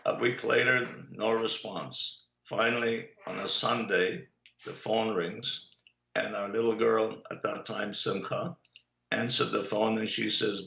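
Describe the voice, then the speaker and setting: An older man with a low, gravelly voice tells long anecdotes at an unhurried pace, stopping often on "uh". The recording sounds echoey and dull, like a lo-fi room capture. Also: fairly even intonation, pushed and bright. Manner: unhurried anecdotal storyteller, many "uh" pauses. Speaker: guest, Holocaust survivor. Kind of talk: storytelling in an interview.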